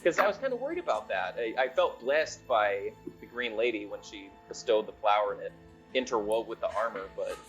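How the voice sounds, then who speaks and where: Chill folksy player in a tabletop game, lively voice, kinda muffled audio. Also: medium pitch, a little fast, soft background music. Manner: easygoing, laughing, folksy. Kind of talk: casual tabletop role-play.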